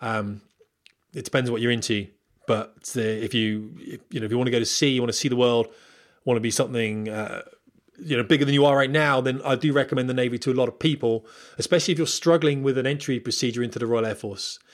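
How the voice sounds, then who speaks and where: A man talks straight to his viewers at a brisk clip, sharing blunt career advice from his flying days. His delivery is candid and rambling, full of fillers, restarts and asides. His voice sits in an ordinary middle register. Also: mid-range voice, steady tone. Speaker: former military pilot giving career advice. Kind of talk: casual monologue to viewers.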